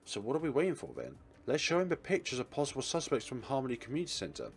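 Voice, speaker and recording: A man's voice: mid-range voice, wildly swooping pitch, rapid-fire. A man hosting a let's play, reading a visual novel's narration and lines aloud with expression.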